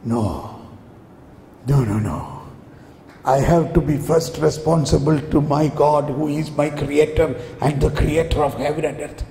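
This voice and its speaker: A preacher voicing Abram, a fervent young man standing firm against his family, swinging between loud proclamation and low quiet speech. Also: big pitch swings, slow pace, long pauses, slight background noise. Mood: quiet resolve. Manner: proclaims loudly, then speaks low and quiet. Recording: echoey hall with long reverb.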